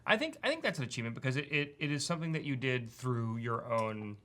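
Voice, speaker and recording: A man co-hosting a studio panel show, talking casually in a teasing, animated way with many restarts. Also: medium pitch, fast talker. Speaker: co-host.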